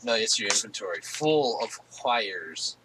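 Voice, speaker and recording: A man's voice: fairly low pitch, animated, unhurried, noisy background. A man hosting a casual gaming stream from home on a headset, rambling easily with lots of fillers. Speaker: streamer host.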